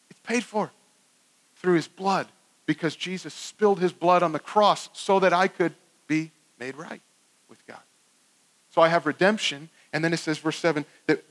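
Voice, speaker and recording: A male pastor preaching a sermon in an animated way, acting out quoted voices with many restarts. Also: sits high, low-quality recording.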